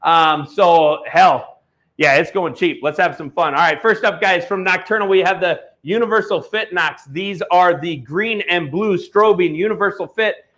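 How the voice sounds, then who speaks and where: A man's voice: high-pitched, normal speed, a bit bright. A man hosting an online auction stream, talking in a blunt, heated, salesy way. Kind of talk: live-stream product pitch with ranting.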